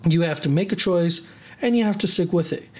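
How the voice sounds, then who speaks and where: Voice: medium pitch, a little fast, a little mellow. A podcast host in a casual monologue, telling stories in a chatty way, full of fillers and restarts. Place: lives in Chicago area.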